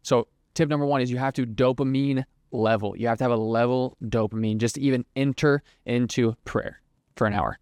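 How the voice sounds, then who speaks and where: A young man teaching in a loose, chatty way, full of "like"s and little acted-out quotes. His voice is smooth and resonant, recorded close and dry with no room sound. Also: medium pitch, fairly even intonation, fairly quick, darkish tone, no echo. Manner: conversational, filler-heavy, lots of "like", acts out hypothetical quotes. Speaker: podcast host. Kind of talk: casual Christian teaching monologue.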